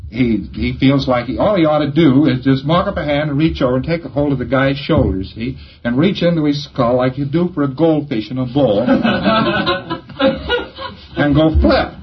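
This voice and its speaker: A man giving an informal lecture, rambling through homely examples and chuckling at his own jokes. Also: medium pitch. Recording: dull lo-fi lecture tape with faint hiss.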